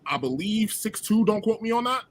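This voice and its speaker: A man co-hosting a radio show, calmly raising questions in casual sports talk. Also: high-pitched, a little fast, slight background noise.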